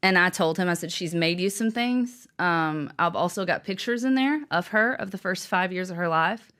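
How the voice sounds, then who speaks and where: A woman guest on a podcast interview, telling a personal story in an earnest, halting, emotional way with frequent restarts. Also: fairly low pitch, fairly bright tone, smooth. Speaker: guest author.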